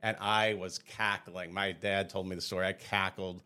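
A man with a very low, deep voice co-hosts a casual comedy podcast. He rambles through pet stories with false starts and chuckles at his own punchlines. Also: flat delivery, moderate pace, pushed and bright, smooth. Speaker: podcast co-host.

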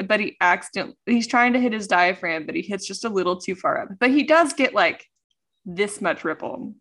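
Woman, podcast co-host, casual chat, quick and chatty, laughs a lot, mid pitch. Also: expressive, fairly bright tone. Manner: fast, chatty, laughing often.

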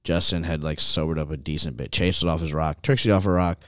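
A young man hosting a casual chat, telling a rowdy night-out story in an animated, profane way and laughing along as he goes. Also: very deep voice, quick pace, no echo, studio quality. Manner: animated, profane, laughs through his stories.

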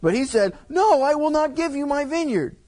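A man's voice: extremely high pitch, lively intonation, moderate pace, a little mellow, pitched above the performer's own voice. A man voicing a petulant, sulking king who complains in a whiny, raised voice during a sermon retelling.

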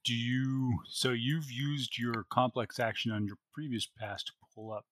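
A man's voice: medium pitch, little pitch movement, unhurried, a bit bright, a little hiss or hum. A man running a tabletop role-playing game as game master, narrating the action and working through the rules as he goes. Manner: narrates action and rules, with many fillers and restarts.

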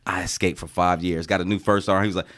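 Deep-voiced man telling a profane story. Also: fast talker. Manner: profane, animated storyteller who acts out quoted sergeants. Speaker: podcast co-host, Army veteran. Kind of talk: casual storytelling among friends.

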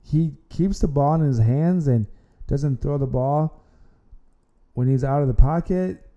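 A man hosts a casual sports podcast in a rambling way, often stumbling over and repeating his words. His voice is very dark, mellow and smooth. The recording sounds dull and lo-fi. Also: on the high side, measured pace. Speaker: podcast host.

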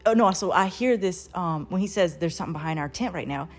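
Animated young woman telling a story. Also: lowish voice, fast, faint music behind. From United States. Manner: animated, swearing, laughing through the telling. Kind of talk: casual storytelling.

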